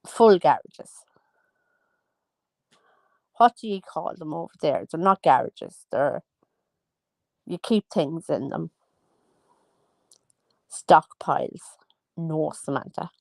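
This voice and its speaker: A woman's voice: medium pitch, dry recording. A woman talking in a rambling, chatty monologue, often losing her train of thought. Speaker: vlogger. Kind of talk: casual monologue.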